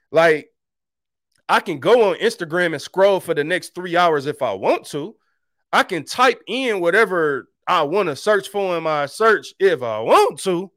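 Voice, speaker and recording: A man's voice: high voice, dry recording, studio quality. A young adult man hosting a faith podcast, teaching scripture in a casual, joking way with slang. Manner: animated and joking, with street slang, mocking voices in quotes. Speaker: podcast host.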